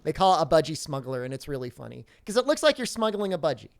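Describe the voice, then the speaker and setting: A man's voice: on the high side, very animated, fast talker, vocal fry. A man streaming a video game, chatting casually and jokingly as he reads viewers' questions aloud. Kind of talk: casual live-stream chat.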